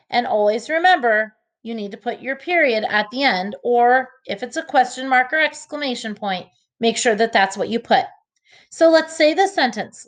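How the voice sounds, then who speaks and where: A woman teacher giving an early reading lesson to children, slowly sounding out each letter and word. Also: fairly high pitch, animated.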